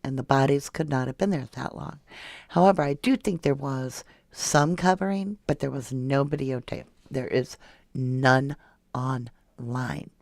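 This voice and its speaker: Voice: mid-range voice, measured pace, gravelly, a little mellow, dry recording. A true crime livestream host talking casually and sarcastically, reading out viewer comments and answering them. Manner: chatty, sarcastic, reads viewer comments aloud. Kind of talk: casual live-chat commentary.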